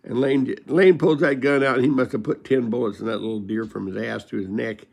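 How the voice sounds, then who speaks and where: A man's voice: medium pitch, steady tone, brisk, vocal fry, a little mellow. An older man telling folksy stories from his life in a casual, rambling way, laughing as he goes. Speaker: storyteller. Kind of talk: casual storytelling.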